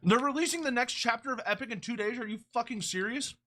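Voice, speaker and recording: A man chatting casually with his live-stream audience while playing a game, animated and swearing freely. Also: very high-pitched, fast talker.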